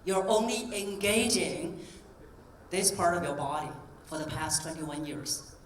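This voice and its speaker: A woman's voice: lowish voice, animated, unhurried. A woman voice coach delivers a keynote to a convention crowd, demonstrating and asking the audience questions. She is recorded from a distance in a large hall, so her voice carries a roomy echo. A faint ambient hiss sits underneath. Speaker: voice coach and speaker.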